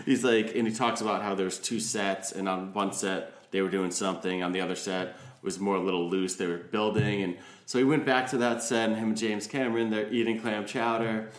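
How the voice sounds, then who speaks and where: Animated man telling a story, echoey room. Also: fairly low pitch, brisk, few pauses. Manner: animated storyteller, laughs often. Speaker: podcast host. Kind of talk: casual podcast chat.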